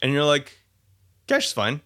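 A man hosting a casual podcast chat, easygoing and quick with his asides. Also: on the high side, wildly swooping pitch, pushed and bright. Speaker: podcast host.

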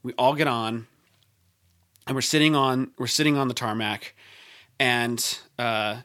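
A man chatting casually and telling a travel story, animated and laughing often. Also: mid-range voice, measured pace, clean tone. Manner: animated, laughs often, puts on voices for quotes.

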